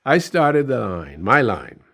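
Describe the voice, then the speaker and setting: A man telling a personal anecdote in an interview, slow and deliberate, pausing with fillers. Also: mid-range voice, very animated, creaky, a bit bright, breathy edge. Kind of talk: storytelling anecdote.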